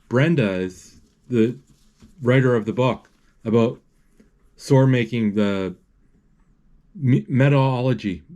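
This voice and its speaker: A man retelling a movie live as he watches it, halting often and correcting himself as he goes. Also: mid-range voice, darkish tone. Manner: halting, with many restarts and self-corrections. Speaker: movie recapper.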